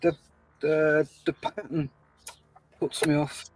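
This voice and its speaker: A man's voice: fairly high pitch, flat delivery, takes it slowly, a little mellow, soft background music, low-quality recording. Chatty man reading out live comments. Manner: chatty, reads out viewer comments, laughs easily. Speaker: livestream host reading chat. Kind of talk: casual chat.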